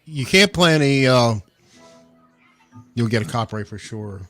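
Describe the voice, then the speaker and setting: A man's voice: medium pitch, animated, normal speed, a bit bright. A man chatting casually as a guest on a music live stream, asking for song requests. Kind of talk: casual chat.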